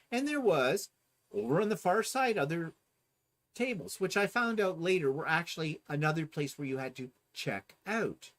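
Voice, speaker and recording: Animated man telling a story. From Ontario, Canada. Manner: animated, mimics other people with high voices. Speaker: co-host. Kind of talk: casual storytelling chat.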